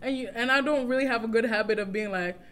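Talking fast in a fairly high voice, a woman co-hosting a podcast shares a dating story in relaxed conversation. She's animated, laughs a lot, and performs the quoted texts.

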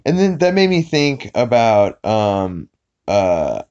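A man's voice: lowish voice, sing-song, a little mellow, clear, resonant tone, lo-fi sound. A man hosting a podcast, casually recapping a cartoon episode with lots of fillers and restarts. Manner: rambling, many fillers, quick bursts of cartoon voices when quoting. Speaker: podcast host.

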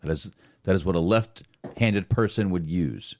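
A man's voice: deep voice, unhurried, a little mellow, no room sound, clean studio sound. A man hosting a reaction video, chatting and explaining between clips. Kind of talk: casual reaction commentary.

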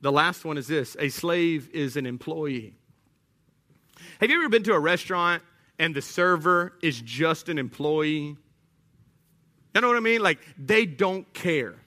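A man in his thirties preaching a sermon in church, animated, rising at times to shouts. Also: a little high, a little slow, pauses often. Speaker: pastor. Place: church sanctuary.

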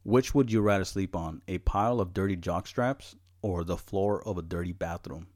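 A man's voice: low voice, normal speed. A young man hosting a casual podcast, telling stories, laughing often and swearing freely. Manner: laughs a lot, swears, animated storytelling. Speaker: podcast host. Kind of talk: casual chat.

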